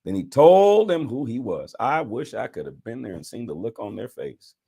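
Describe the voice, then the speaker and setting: A man's voice: mid-range voice, moderate pace, vocal fry, slightly rough. A man, a bishop, reading scripture aloud and breaking off into preacher-style commentary. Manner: animated reading with preacher asides.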